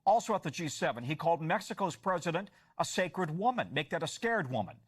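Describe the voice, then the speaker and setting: Lively, higher-pitched male news anchor. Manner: crisp, measured newsreading. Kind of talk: news broadcast.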